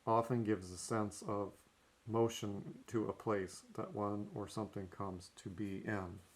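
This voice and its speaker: A man's voice: fairly low pitch, flat delivery, a little slow, a little hiss or hum. A man giving a recorded language lesson, working through notes methodically and marking each step with "okay". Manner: methodical, frequent "okay" between points. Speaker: teacher.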